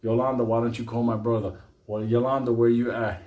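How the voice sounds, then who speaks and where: A man plays a desperate jailed man pleading over the phone, whining and insistent. The voice is mellow and low in brightness, and it has a roomy echo. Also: level tone, a little fast, highs cut off, natural voice. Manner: pleading, whiny. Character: desperate male inmate begging on phone.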